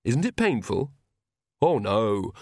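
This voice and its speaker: Male reader voicing a low, mumbling servant, earnest and odd. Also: sing-song, takes it slowly, darkish tone, dry recording, studio quality, full character voice. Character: earnest stitched-together male castle servant.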